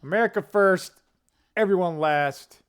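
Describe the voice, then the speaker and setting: A man's voice: high voice, unhurried, a bit bright, smooth. A man doing a brash New York tough guy. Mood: defiant. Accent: put-on New York. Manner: punchy, barking short commands. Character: brash male New Yorker, blunt and combative.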